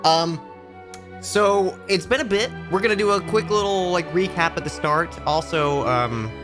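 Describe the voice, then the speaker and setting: A man's voice: high voice, unhurried, over music. A man hosting a live-streamed tabletop game, giddy and talking with stammered restarts. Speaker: game master and streamer host. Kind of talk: casual live-stream chat.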